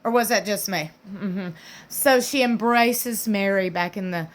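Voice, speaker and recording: A woman's voice: medium pitch, unhurried. A woman, casually recapping a reality show in a sassy, gossipy way full of slang and playful impressions.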